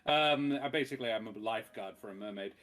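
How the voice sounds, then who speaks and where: A man's voice: on the low side, fast talker, fairly bright tone. Chatty, jokey man. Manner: jokey, rambling, laughs often. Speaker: player. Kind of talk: casual pre-game chat.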